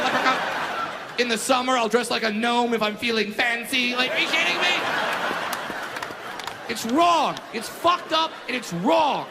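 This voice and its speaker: High-voiced man ranting on stage. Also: a little slow, gravelly, pauses often. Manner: loud, profane, shouting rants. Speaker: stand-up comedian. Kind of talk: stand-up comedy routine. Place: comedy stage with a live audience. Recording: echoey hall with crowd noise.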